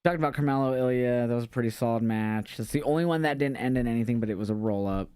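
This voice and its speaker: A man chatting casually as a podcast co-host, telling wrestling stories with lots of energy and frequent swearing. He slips into quoted voices as he goes. His voice sits at an ordinary middle pitch, recorded dry and close. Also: fast talker, clean tone, no room sound. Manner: animated storytelling, swears often, acts out quotes. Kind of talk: casual chat recapping wrestling shows.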